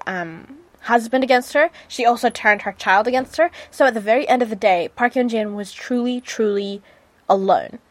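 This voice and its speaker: Speaking on a studio mic in a dry recording, a radio host with a New Zealand accent reviews a drama. Her mid-range voice carries a chatty, gushing style, with plenty of fillers and false starts.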